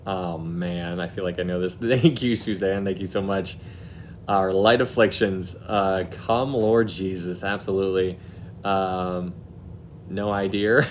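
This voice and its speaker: Male host with a lowish voice for a casual faith live stream. He chats, laughs a lot, reads out comments, and turns earnest. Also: takes it slowly, a little hiss or hum. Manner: chatty, laughs often, reads viewer comments aloud; earnest, heartfelt about faith. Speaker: Christian livestream host. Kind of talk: casual livestream chat.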